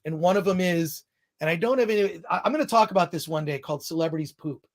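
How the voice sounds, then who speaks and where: A man's voice: a little high, fast talker. A man hosting a film review show in casual chat, rambling off on tangents and restarting his sentences often.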